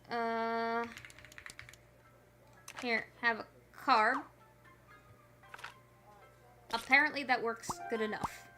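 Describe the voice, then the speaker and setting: A woman's voice: a little high, bright, forceful tone. A woman streaming a puzzle game, chatting casually with playful, rambling asides. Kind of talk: casual gameplay commentary.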